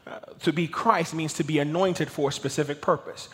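Pastor guy preaching, slightly high voice, goes whispery then loud, long church echo. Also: expressive, fairly quick, few pauses. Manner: swings from hushed whispers to loud emphatic build-ups. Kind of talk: sermon. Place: church sanctuary.

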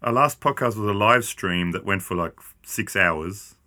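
A man's voice: lowish voice, lively intonation, moderate pace, bright, forceful tone. A man in his thirties hosting a podcast in casual chat, playful and rambling. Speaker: podcast host.

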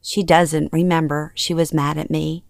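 A middle-aged woman from Louisiana reading her own memoir aloud in first person, earnest and emotionally expressive. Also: sits low, a little slow, vocal fry, dry recording, clean studio sound. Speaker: memoir narrator.

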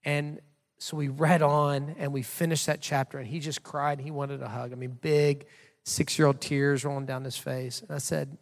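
A man's voice: medium pitch, little pitch movement, moderate pace. A man in his thirties preaching a sermon as pastor, telling a story in a casual, conversational way with many fillers. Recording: long hall reverb.

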